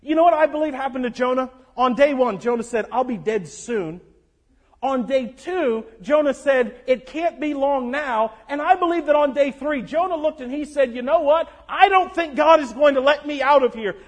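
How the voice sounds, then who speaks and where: A man preaching a sermon as a guest speaker, animated and acting out grumbling churchgoers. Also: extremely high pitch. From North Carolina.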